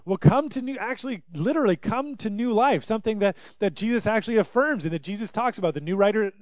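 A man's voice: high-pitched, expressive, fast, no echo. A man preaching a sermon as pastor, in an earnest, emphatic way.

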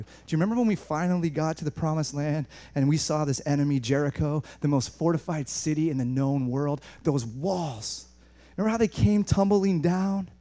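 Animated man preaching a sermon. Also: fairly high pitch, a little fast. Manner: animated preaching, swings between soft asides and raised emphasis. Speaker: pastor.

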